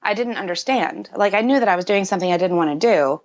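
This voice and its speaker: A woman in her thirties talks fast and animatedly in a medium pitch as a podcast guest. She speaks candidly and reflectively in casual conversation, using many fillers. The audio is dull and lo-fi.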